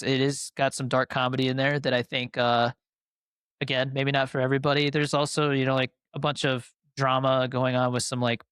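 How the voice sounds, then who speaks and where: A man's voice: mid-range voice, fairly bright tone, clean tone, no room sound, clean studio sound. A young adult man co-hosting a podcast, talking casually and enthusiastically about his favorite films with lots of fillers. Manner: rambling, filler-heavy, enthusiastic. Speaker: podcast co-host. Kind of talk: casual film review chat.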